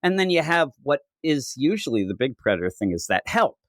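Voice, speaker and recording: A man co-hosting a comic book podcast, talking loosely and acting out characters' lines in silly voices. His pitch swings widely as he goes. The sound is dry and close. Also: brisk, no echo. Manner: animated, swings into goofy quoted voices. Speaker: podcast co-host. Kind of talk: casual comic book review chat.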